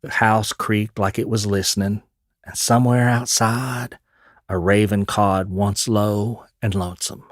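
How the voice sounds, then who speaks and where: A man narrating a fantasy audio drama in a measured, storytelling way, with folksy Southern turns of phrase. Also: on the low side, fairly even intonation, dry recording, studio quality.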